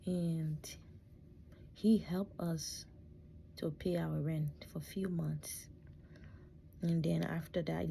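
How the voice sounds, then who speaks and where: A middle-aged woman telling her life story from her bedroom, speaking softly and reflectively, often close to a whisper and near tears. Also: on the low side, creaky, a little hiss or hum. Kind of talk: personal storytelling.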